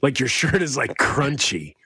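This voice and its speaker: A man co-hosting a podcast in casual chat, riffing with deadpan jokes. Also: mid-range voice, a little slow, gravelly, breathy edge, no echo, studio quality. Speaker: podcast co-host.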